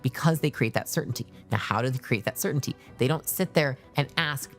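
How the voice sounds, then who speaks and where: Woman with a deep voice doing a motivational talk, punchy and direct, faint music behind. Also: a little fast, few pauses. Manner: direct, emphatic, acts out examples.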